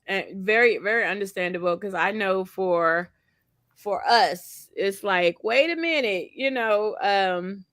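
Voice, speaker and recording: A woman co-hosting a community livestream, telling animated stories with playful asides on a video call. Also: mid-range voice, slow pace, no echo. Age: adult with school-age children. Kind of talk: casual chat.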